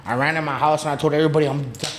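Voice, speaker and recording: A man's voice: a little high, fairly even intonation, racing. A man, telling a story in a casual podcast chat, slangy and profane, acting out the voices of the people in it. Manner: slangy and profane, retelling with quoted dialogue. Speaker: podcast guest. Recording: echoey room with faint noise.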